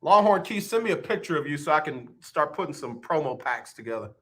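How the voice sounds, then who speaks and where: A man's voice: on the high side, very animated, brisk, bright, forceful tone. A man hosting live sports talk radio, joking and repeating his points for effect into a studio microphone.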